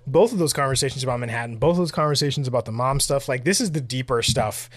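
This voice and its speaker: A man's voice: mid-range voice, fast talker, slight background noise. A man co-hosting a podcast, chatting casually and laughing often as he reads listener emails aloud. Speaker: podcast co-host. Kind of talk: casual chat. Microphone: podcast mic on video recording.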